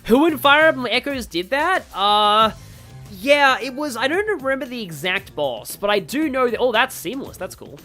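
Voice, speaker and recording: A chatty man commenting on a video game as he plays, rambling and joking. His voice is bright and lively in pitch, with faint game music beneath. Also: moderate pace. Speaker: gaming YouTuber. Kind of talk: casual let's-play commentary.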